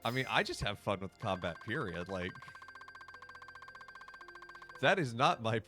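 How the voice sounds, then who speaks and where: A man's voice: lowish voice, very animated, brisk, pushed and bright, faint music behind. A priest hosting a game livestream, chatting casually with his viewers and laughing often. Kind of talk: casual livestream gaming commentary.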